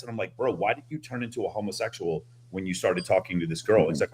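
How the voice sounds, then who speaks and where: A man in a group talk, explaining things in a deliberate, somewhat nerdy way. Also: low voice, a little mellow. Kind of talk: casual group chat on a stream.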